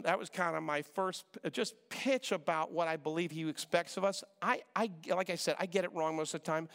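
Gravelly animated preacher in a hall. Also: male voice, on the high side. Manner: animated preacher, acts out voices in quotes, repeats himself. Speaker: pastor. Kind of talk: sermon. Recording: long hall reverb.

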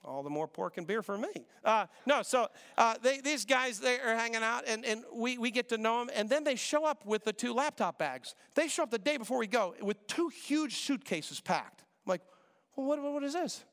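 A middle-aged man preaching, telling a story in a quick, conversational way and acting out the dialogue. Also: extremely high pitch, lively intonation, a bit bright. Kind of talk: sermon storytelling. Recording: reverberant hall.

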